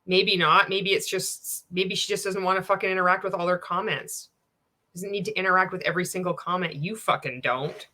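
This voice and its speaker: A woman's voice: fairly low pitch, flat delivery, a little fast, pushed and bright. A woman from Canada hosting a reaction video, talking in casual, sarcastic commentary full of swearing and laughter. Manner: profane, sarcastic, laughing often.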